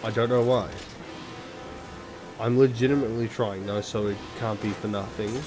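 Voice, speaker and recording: Man, let's play host, low voice, rambles and swears, game music underneath. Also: fairly even intonation, normal speed. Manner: swearing, self-deprecating, rambling. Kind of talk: rambling gameplay commentary. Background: video game music.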